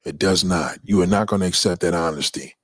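A man's voice: low-pitched, brisk, no room sound. A man delivering a blunt, profane, opinionated monologue in a lecturing tone.

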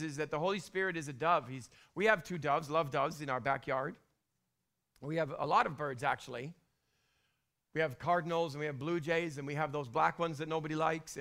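A middle-aged male pastor delivers a sermon in a high, bright voice. He is animated, sinking to hushed whispers and climbing to loud bursts.

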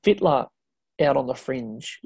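A man co-hosting a podcast, rambling through an old match recap with excited asides. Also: medium pitch, measured pace, gravelly, slightly rough, dry recording. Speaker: podcast co-host.

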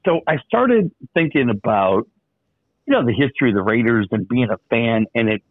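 A radio host in easy, rambling chat, trailing off with relaxed filler pauses as he spins stories. His voice comes through thin and narrow, like a phone line. The sound is dry, with no room to it. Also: medium pitch, no room sound. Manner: storytelling, easygoing with filler "uh". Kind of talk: casual radio chat, telling jokes.

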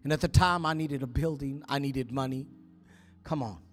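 A man preaching, telling a story in an animated way, acting out quotes with gasps and whispers. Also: mid-range voice, moderate pace, faint music behind. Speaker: pastor. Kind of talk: sermon storytelling.

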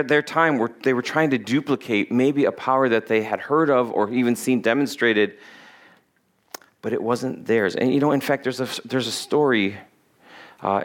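A man preaching a conversational sermon, reading scripture and acting out quoted lines in voices. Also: medium pitch. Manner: casual, acts out quotes in voices. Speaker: pastor.

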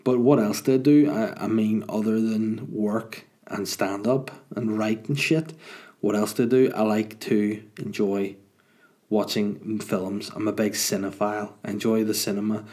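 A man hosting a podcast on his own, talking in a loose, rambling, jokey way with plenty of swearing. His voice sits fairly low. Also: fairly even intonation, a little slow, warm tone. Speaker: podcast host and stand-up comedian. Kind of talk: casual solo podcast chat.

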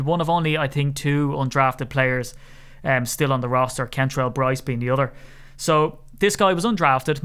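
Irish guy rambling about his football team on a podcast, smooth clear voice, jokey asides. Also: on the high side. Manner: chatty, wry asides, mock shouting. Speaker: podcast host. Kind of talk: casual sports podcast commentary.

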